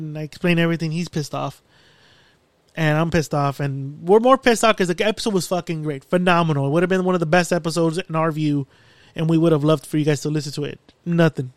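On a studio mic with no room sound, a podcast host with a fairly high-pitched voice spins a long story casually. He's animated and swears a lot, replaying his own quotes and acting out what others told him.

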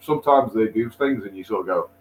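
A man's voice: fairly low pitch, fast, poor audio. A man in casual chat, sarcastic and sweary.

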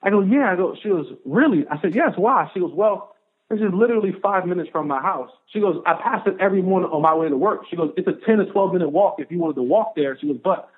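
A man tells a long personal story in an interview with lively energy, acting out every exchange he quotes. His voice sits a little high for a man. The sound is thin and narrow, like a phone line. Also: fast. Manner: animated storyteller, acts out quoted dialogue. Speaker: podcast guest, former pro football player.

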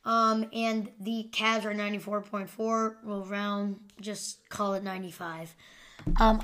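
A woman's voice: medium pitch, fairly even intonation, a little slow, sharp tone. A young woman hosting a podcast, rambling through live sports stats in a casual way, with lots of fillers as she thinks aloud. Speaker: podcast host.

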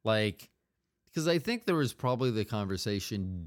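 A man with a fairly low voice hosts a podcast on his own from home. He rambles in a jokey way, often breaking off and restarting his sentences. The sound is dry and close, with no room in it. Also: animated, moderate pace, dry recording. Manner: rambling, self-interrupting, jokey. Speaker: podcast host. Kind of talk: casual comedic monologue.

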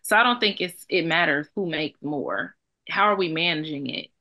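A woman's voice: sits low, normal speed, pushed and bright. A young adult woman co-hosting a podcast, talking bluntly and emphatically with plenty of profanity. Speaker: podcast co-host. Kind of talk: casual podcast chat.

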